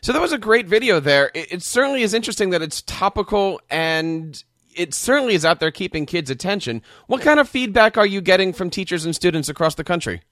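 A man with a somewhat high voice conducts an interview, warmly affirming answers and posing follow-up questions. His voice is dry and close, with no room sound. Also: expressive, brisk, no room sound. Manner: friendly, affirming remarks.

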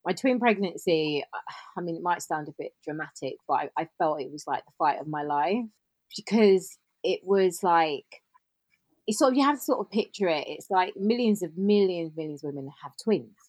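A woman, telling her story as a podcast guest in an animated way, acting out bits of dialogue. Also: fairly low pitch, normal speed, slightly rough, no room sound. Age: 40s. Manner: animated, laughs often, reenacts dialogue. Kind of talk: casual storytelling.

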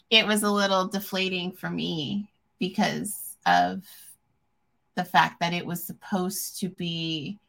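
A woman's voice: mid-range voice, vocal fry, a bit bright. A woman in her forties who hosts her own show, chatting openly and emotionally with frequent ums. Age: 40s. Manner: candid and emotional, with frequent ums and self-restarts. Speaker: podcast host. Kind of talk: casual chat.

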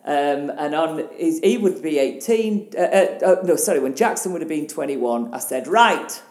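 Animated Northern English woman in her sixties. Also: low-pitched, moderate pace, roomy sound. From Northern England. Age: 60s. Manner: animated, blunt, swears freely, acts out quotes. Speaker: guest. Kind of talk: emotional interview storytelling.

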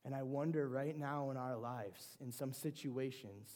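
A man's voice: medium pitch, unhurried, a little mellow. A man preaching a sermon in a conversational way, with frequent restarts and fillers.

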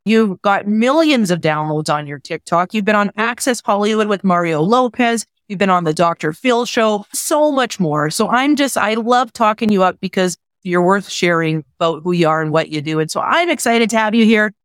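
A woman hosts a podcast and opens by heaping praise on her guest, getting a little teary as she does. Her pitch is middle-range. The sound is dry and close, with no room echo. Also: animated, moderate pace, few pauses. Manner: gushing, full of praise. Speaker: podcast host. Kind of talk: introducing a guest.

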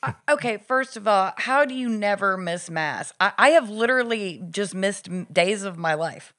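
A woman co-hosting a podcast, chiming in with sarcastic, quick quips. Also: medium pitch, animated, a bit bright. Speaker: podcast co-host. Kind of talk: casual chat.

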